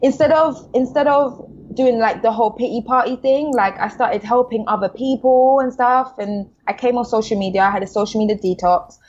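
A woman's voice: a little high, a little fast, few pauses, a little mellow, a little hiss or hum. Young South London woman, podcast guest, candid and slangy, muffled lo-fi sound. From England. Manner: candid, talks with slang and many fillers. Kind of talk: casual chat.

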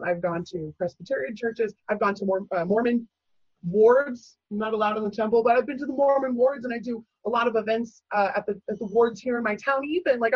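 A woman with a husky, breathy voice tells her story in a lively, candid way, full of fillers, and she acts out the voices of other people. The recording is dry and a little dull, like lo-fi audio. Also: on the high side, no room sound. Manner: animated, acts out quoted voices, many fillers. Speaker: guest.

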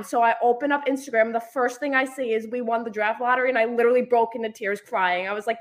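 A young woman co-hosting a casual podcast chat, telling animated stories and acting out what people said. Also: a little high, fast, hardly any pauses. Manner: animated storyteller acting out quotes. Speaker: podcast co-host.

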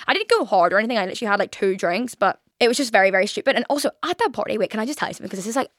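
A woman's voice: mid-range voice, expressive, very fast, dry recording, clean studio sound. A young Irish woman hosting her own podcast, rambling through a story in casual chat, full of "like" and frequent swearing. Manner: rambling, lots of "like", swears freely. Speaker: podcast host.

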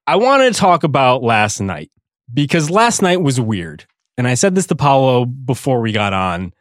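A male podcast host chatting casually about sports, relaxed and a little self-deprecating. His voice is mid-pitched and sits in a dry, close recording. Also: normal speed, no echo.

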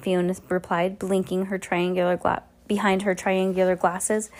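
A woman reads a novel aloud in a rather low voice. Her reading is unpolished, with frequent restarts and self-corrections. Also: level tone, normal speed, hardly any pauses, a little mellow. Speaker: reader.

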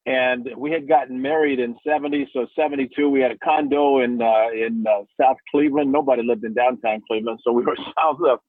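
A man's voice: medium pitch, fairly even intonation, brisk, few pauses, no echo. An older man telling rambling stories on a radio sports show, with many restarts. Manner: rambling, warm storytelling with restarts. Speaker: radio analyst and former player. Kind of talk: casual radio chat. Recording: dry, phone-like radio line.

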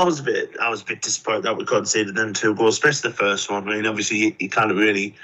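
A man's voice: fairly low pitch, bright, forceful tone, rough recording. A man chatting about football, hesitant and repeating words. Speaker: podcast guest pundit. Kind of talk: casual football chat.

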